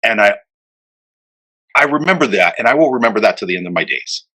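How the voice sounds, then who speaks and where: A man hosting a podcast, casually telling an animated anecdote full of fillers. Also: mid-range voice, very fast, breathy edge, rough recording. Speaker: podcast host. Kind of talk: casual storytelling chat.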